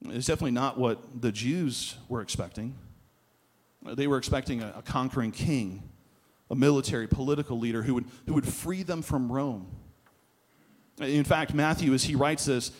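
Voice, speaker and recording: Male pastor preaching a story-driven sermon. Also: medium pitch. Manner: storytelling, emphatic with slowed key phrases.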